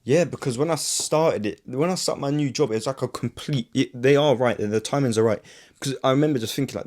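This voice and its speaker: A man's voice: medium pitch, fairly quick, a little mellow. A young man telling a story to camera in a rambling, sweary, casual way, full of "like". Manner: rambling, sweary, filler-heavy with lots of "like". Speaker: vlogger. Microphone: camera mic.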